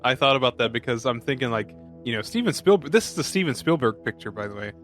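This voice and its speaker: A man's voice: medium pitch, lively intonation, quick pace, fairly bright tone, soft background music. A man co-hosting a casual movie podcast, sarcastic and jokey, swearing freely. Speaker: podcast co-host. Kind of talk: casual movie review chat.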